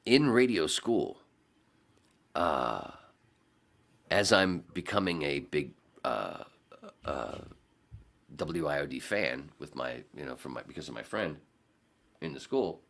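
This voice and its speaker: Brief: a male podcast guest, animated and profane storyteller, low and bright. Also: slow pace, creaky, long pauses. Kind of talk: casual storytelling chat.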